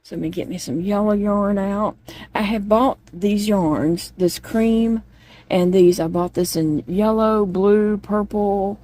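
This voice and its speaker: A woman's voice: mid-range voice, slow, dark tone. A woman chatting casually to viewers while she crochets at home, rambling from one thought to the next. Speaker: vlogger.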